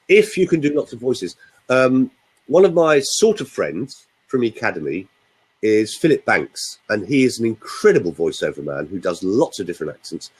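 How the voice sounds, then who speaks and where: Older man, husky, lively pitch, chatty voice coach. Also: rough recording. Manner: chatty, animated storyteller. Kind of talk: casual webinar chat.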